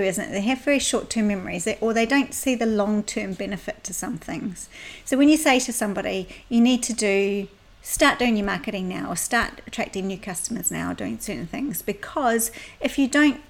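A woman's voice: on the high side, animated, normal speed. A middle-aged woman co-hosting a podcast, telling stories in a chatty way and laughing often. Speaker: podcast co-host and salon business coach. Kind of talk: casual podcast chat.

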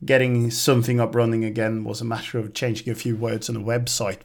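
A man co-hosting a podcast, speaking in a measured way and thinking aloud with restarts. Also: mid-range voice, flat delivery, vocal fry. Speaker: podcast co-host. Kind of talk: casual chat.

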